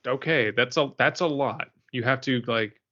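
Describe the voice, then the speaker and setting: A man's voice: medium pitch, normal speed, bright, forceful tone. A man co-hosting a casual podcast, making wry jokes and explaining facts. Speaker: podcast co-host. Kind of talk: casual chat. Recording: dull podcast audio.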